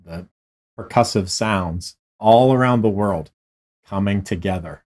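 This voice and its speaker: A man's voice: on the low side, measured pace, darkish tone. A man chatting casually with a co-host, playful and laughing often, sometimes imitating sounds. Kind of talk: casual chat.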